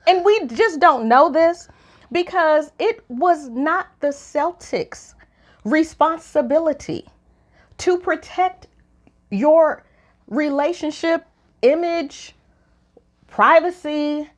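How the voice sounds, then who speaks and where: Woman podcast co-host, opinionated, animated, fairly high voice, jumps up when incredulous. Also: slow pace, pauses often. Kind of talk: casual opinion chat.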